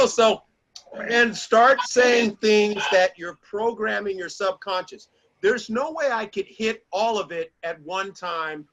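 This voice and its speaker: Speaking slowly in a strikingly high, bright voice, a middle-aged man motivates a small group with lively stories, performing each quoted line. The audio is of low quality.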